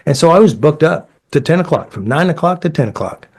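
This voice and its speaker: A middle-aged therapist who created a healing method tells stories in casual conversation, using blunt, folksy phrasing. He's animated, shifting into different voices to act out dialogue, and his voice is fairly high, husky, and fairly quick.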